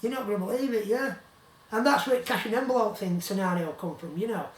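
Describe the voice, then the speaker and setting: A man's voice: high voice, fast talker. A man with a Yorkshire accent telling a long rambling story in casual talk, often repeating himself. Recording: roomy, distant from the mic.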